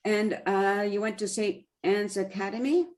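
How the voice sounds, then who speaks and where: A woman's voice: mid-range voice, fairly even intonation, a little slow, darkish tone. Chatty, apologetic woman interview host. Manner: chatty, apologetic, self-deprecating asides. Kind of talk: casual conversational interview. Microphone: video call.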